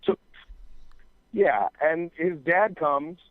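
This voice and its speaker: A man's voice: a little high, drawn-out words, no room sound. A man on a podcast telling a long story in casual chat, full of fillers and swearing, acting out what others said. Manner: rambling, filler-heavy, profane, acts out quoted dialogue. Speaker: podcast co-host. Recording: dry, tinny phone-like sound.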